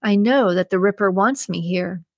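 A woman voicing an excitable, determined young female detective who insists she is right. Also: medium pitch, moderate pace, no echo, highs cut off, natural voice. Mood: insistent. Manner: eager and insistent.

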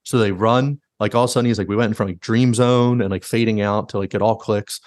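A man's voice: lowish voice, fast, no room sound, clean studio sound. A man hosting a podcast, animatedly retelling stories in casual chat and leaning heavily on "like". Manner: animated retelling, heavy use of "like". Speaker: podcast host.

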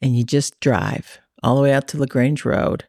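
A woman's voice: extremely low pitch, steady tone, moderate pace, mellow, no echo. A woman co-hosting a podcast, teasing and dry in casual banter. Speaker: podcast co-host.

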